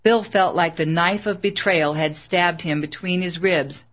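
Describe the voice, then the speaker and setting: A narrator reading a biography in a steady, even way, mid-pitched and unhurried. The track is dull and lo-fi, as if from an old audiobook.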